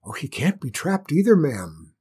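Timid storybook gamekeeper, trembling and mumbling, raised pitch, breathy, as a narrator puts him on. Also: sing-song, normal speed, warm tone. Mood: fearful. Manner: nervous and mumbling. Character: timid, nervous gamekeeper man.

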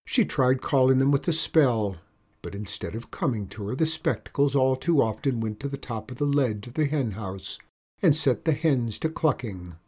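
A man reading a children's story aloud in a steady, measured way. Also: medium pitch, breathy edge.

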